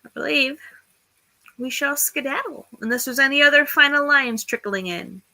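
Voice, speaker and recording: A woman's voice: sits high, moderate pace, creaky, pushed and bright, poor audio. A woman hosting a casual writing livestream, chatty and thinking aloud as she reads and talks. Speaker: livestream host of writing sprints.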